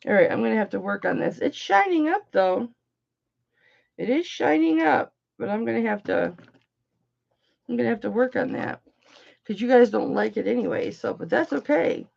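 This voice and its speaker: A woman's voice: mid-range voice, a little fast, gravelly, a little mellow, lo-fi sound. A woman hosting an online jewelry auction, chatting casually and cracking bawdy jokes while she works. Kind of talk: casual livestream selling chat.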